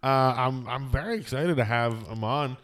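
A man's voice: mid-range voice, lively intonation, normal speed, a bit bright. A man hosting a casual podcast chat, rambling through stories with lots of fillers and restarts. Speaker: podcast host.

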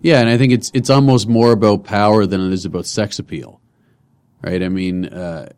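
A man in his twenties who works as a comedian and personal trainer chats loosely as a podcast guest in a studio, with many restarts and fillers. His voice is lowish, smooth, and darkish, with fairly even intonation and normal speed.

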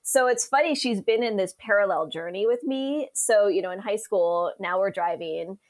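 A woman meteorologist as a podcast guest, telling stories in a casual, animated way and acting out the quoted voices of the people in them. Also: mid-range voice, moderate pace. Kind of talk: casual storytelling interview.

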